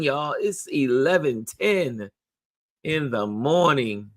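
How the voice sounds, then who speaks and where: A middle-aged man hosts a casual morning live stream and reads viewer comments aloud. His pitch sits in the middle of the range but swings widely and sing-song. He talks chattily and repeats his phrases. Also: very animated, a little slow, a bit bright. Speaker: host of a daily live stream. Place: New York.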